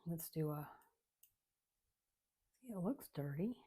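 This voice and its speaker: A woman, chatting casually and rambling softly as she works on a craft at home. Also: deep voice, animated, slow pace, husky. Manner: chatty, rambling, soft-spoken. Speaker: craft channel host. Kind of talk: casual chat while crafting.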